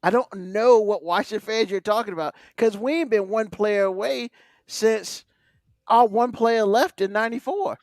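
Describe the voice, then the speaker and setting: A man's voice: high voice, normal speed, no echo, studio quality. A man co-hosting a casual sports podcast, ranting animatedly and swearing freely. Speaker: podcast co-host.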